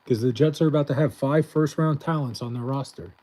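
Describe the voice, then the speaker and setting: A man's voice: medium pitch, a little fast, warm tone. A man chatting casually on a live stream, reading and answering chat messages in a rambling, swearing way, his voice mostly gone so he half-whispers.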